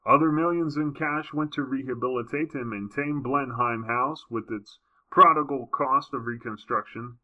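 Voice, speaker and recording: A man's voice: mid-range voice, normal speed, hardly any pauses, muffled recording. A man reading a history book aloud, breaking off for wry, casual comments. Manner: wry asides between passages.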